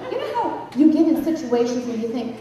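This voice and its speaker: Woman storyteller, high voice, lively and dramatic, echoey conference hall, distant mic. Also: fairly quick, muffled recording, a loud crowd. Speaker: psychic, conference speaker. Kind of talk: humorous storytelling talk.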